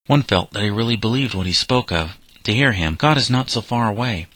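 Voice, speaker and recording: A man's voice: fairly low pitch, a bit bright, no room sound, rough recording. A man reading a letter as a plainspoken young male reform-school inmate.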